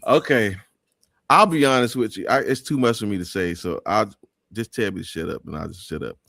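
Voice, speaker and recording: A man's voice: fairly low pitch, quick pace, gravelly, sharp tone, no echo, clean studio sound. A man hosting a live talk show, speaking in an emphatic, preachy way with many restarts.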